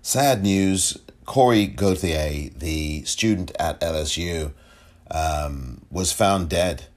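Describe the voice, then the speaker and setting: A man hosting a solo commentary podcast, emotional and halting, often repeating himself. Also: sits low. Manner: emotional, halting, repeats himself, audibly moved to near tears. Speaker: podcast host.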